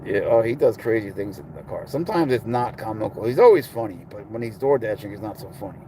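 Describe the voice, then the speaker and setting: A man's voice: lowish voice, lively intonation, fast, dark tone, a little hiss or hum. A man chatting casually in a blunt, sarcastic way, answering viewers' comments on a livestream. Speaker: pet owner streaming to viewers.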